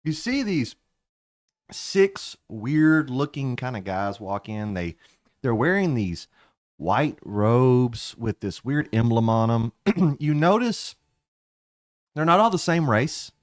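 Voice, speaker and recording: A man's voice: medium pitch, sing-song, slow pace, no echo. A man running a tabletop game as game master, narrating in a playful, rambling way. His voice moves up and down a lot. The sound is dry and close to the mic.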